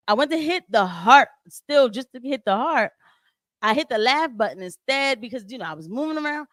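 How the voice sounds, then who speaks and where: A woman's voice: a little high, fairly quick, no room sound. A woman vlogger telling a story in a casual rant, laughing often and acting out what people said. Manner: animated retelling that acts out quoted voices, laughing often.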